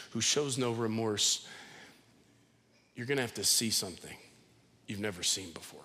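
A man's voice: lowish voice, normal speed, pauses often, bright, forceful tone. A male pastor giving a sermon in a conversational, repetitive style, acting out the people he quotes. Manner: conversational preaching, repeats words, acts out quotes. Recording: long hall reverb.

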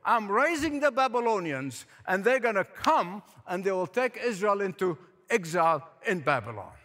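A man preaching, speaking as God to a prophet in firm, measured pronouncements. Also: high-pitched, sing-song, pushed and bright, exaggerated voice. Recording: echoey hall with long reverb.

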